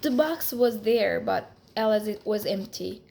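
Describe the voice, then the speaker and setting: A woman reading a children's picture book aloud in a slow, expressive storytelling manner. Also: medium pitch, creaky, a little hiss or hum.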